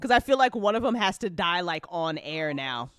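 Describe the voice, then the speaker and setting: A woman hosting a casual after-show chat, talking in an animated way and laughing often. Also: lowish voice, moderate pace, smooth, no echo. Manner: giggly, animated, frequent laughter. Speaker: host and show creator. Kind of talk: casual chat after a live listen party.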